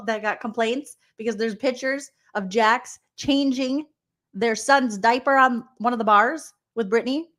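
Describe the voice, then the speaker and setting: A woman's voice: on the high side, fairly bright tone. A woman comedian giving sassy, sarcastic reaction commentary, often laughing as she talks. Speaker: comedian vlogger reacting to reality TV.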